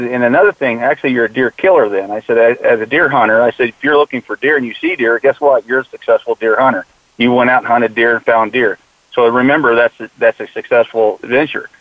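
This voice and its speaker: In a casual interview, a man from the United States who mentors young hunters and works on mule deer conservation speaks at a medium pitch. He's earnest and conversational, frequently repeating what he says to the kids. The sound is tinny and phone-like, dry with no room sound.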